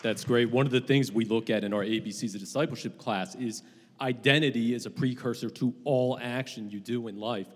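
A man's voice: mid-range voice, steady tone, fairly quick, in a large hall. A man interviewing a guest, encouraging him and asking long questions.

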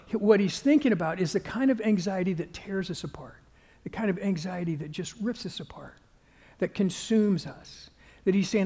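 A male pastor giving a conversational sermon, halting with fillers and restarts and growing more emphatic as he goes. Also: sits high, expressive, mellow, slightly rough, long reverb tail.

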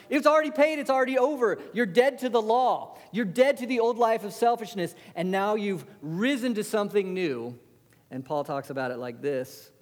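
A man preaching a sermon, animated, asking the congregation rhetorical questions and answering them. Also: high voice, normal speed, in a large hall.

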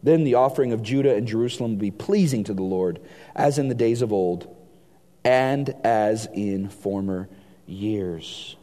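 A man preaching a sermon, reading scripture aloud and swinging between hushed and emphatic delivery. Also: lowish voice, moderate pace. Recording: long hall reverb.

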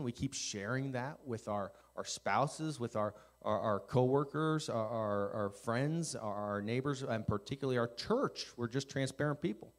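Gravelly-voiced male pastor preaching. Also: mid-range voice, normal speed. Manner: animated storytelling, swings from quiet intensity to shouting. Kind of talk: sermon.

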